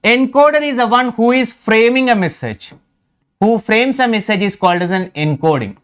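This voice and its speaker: A man's voice: sits high, animated, normal speed, a bit bright, smooth. A middle-aged man with an Indian English accent, teaching an exam revision lecture, repeating key terms and checking in with "right?".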